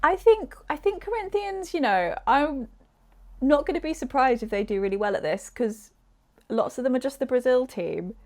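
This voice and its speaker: A woman's voice: sits high, animated, moderate pace. Easygoing woman producer reading messages. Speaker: podcast producer. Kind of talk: casual chat.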